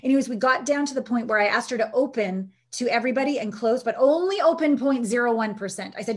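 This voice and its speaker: A woman intimacy coach appears as a guest in a conversational interview, telling stories animatedly and acting out what the people in them said. Her voice is on the high side, and she talks fast with hardly any pauses.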